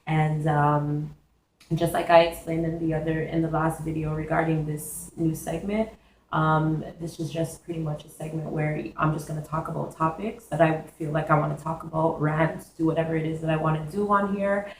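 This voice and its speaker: A hoarse young woman chatting casually to camera, hosting her own advice segment with a chatty, giggly manner. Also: low voice, little pitch movement, moderate pace, a little mellow, reverberant, slight background noise, low-quality recording. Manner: chatty, giggly, talks straight to viewers.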